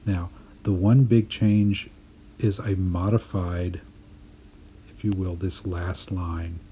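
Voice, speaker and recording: A man with a very low, mellow voice talks through a poetry lesson in a voice-over. He explains his work in a thoughtful, measured way, like a writing teacher walking a class through drafts. A faint hiss of noise sits under his voice. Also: steady tone.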